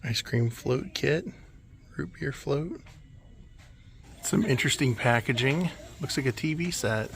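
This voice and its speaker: A man vlogging as he walks through an indoor antique mall, making relaxed offhand remarks and chuckling at the finds. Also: mid-range voice, unhurried, gravelly, pauses often. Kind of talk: casual walkthrough commentary.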